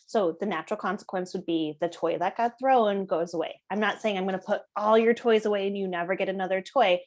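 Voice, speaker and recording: Woman, parenting educator; calm, conversational delivery, frequent check-ins with listeners. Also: medium pitch, a little fast. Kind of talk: explanatory talk to parents.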